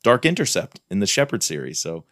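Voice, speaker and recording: A man's voice: fairly low pitch, very animated, brisk, fairly bright tone, no echo, clean studio sound. A man co-hosting a podcast, chatting enthusiastically about a thriller novel and reading quotes aloud. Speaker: podcast co-host. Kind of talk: casual book review chat.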